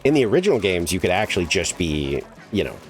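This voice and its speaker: A man's voice: deep voice, sing-song, quick pace, soft background music. A man streaming a game, chatting casually and rambling with lots of "like" and casual swearing. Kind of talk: casual chat while gaming.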